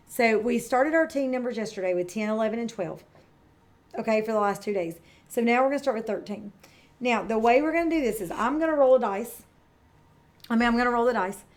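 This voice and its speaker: A woman's voice: on the high side, darkish tone. A middle-aged woman, a kindergarten teacher, giving a friendly, patient lesson that speaks straight to young children. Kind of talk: read-aloud and classroom lesson for young children.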